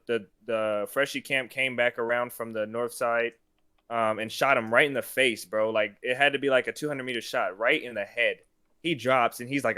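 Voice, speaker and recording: A man telling an animated story in casual chat over a team voice call while gaming, swearing freely. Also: mid-range voice, dry recording. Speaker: gamer recording his play.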